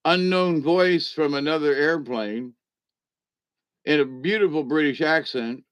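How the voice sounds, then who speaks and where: Slow, wry man reading jokes. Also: a little high, clean tone, no room sound. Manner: chuckling, wry asides between jokes. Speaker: comedy reader.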